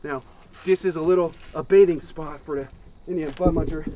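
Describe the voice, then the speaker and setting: A man playing an overblown wildlife explorer in a comedic mock nature documentary, talking with excitable bravado outdoors in the brush. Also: fairly high pitch, fairly quick, over a noisy crowd. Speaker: spoof wildlife explorer host.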